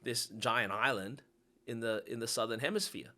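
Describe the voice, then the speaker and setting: An Australian man co-hosts a casual podcast, with a bright and forceful tone. He talks at a middle pitch and tells his stories with animation. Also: normal speed. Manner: animated storyteller, laughs through his stories.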